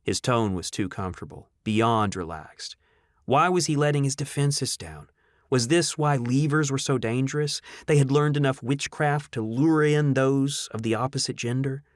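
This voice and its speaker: A man narrating an audiobook in a dramatic, expressive storytelling manner. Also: mid-range voice, normal speed, no echo, studio quality.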